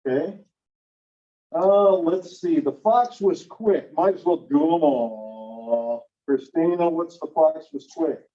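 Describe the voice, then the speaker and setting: Male teacher, slightly high voice, patient classroom explainer, dull lo-fi recording. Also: takes it slowly. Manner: patient, calls on students by name. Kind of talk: classroom grammar lesson.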